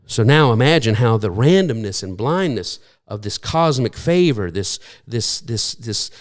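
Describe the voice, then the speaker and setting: A man's voice: mid-range voice, very animated, measured pace. A man preaching a sermon as pastor, rambling through repeated words and fillers and acting out voices he quotes.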